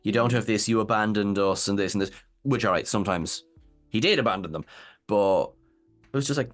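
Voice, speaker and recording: A man with an Irish accent co-hosting a casual TV discussion, animated and given to halting restarts. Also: fairly low pitch, faint music behind. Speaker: co-host.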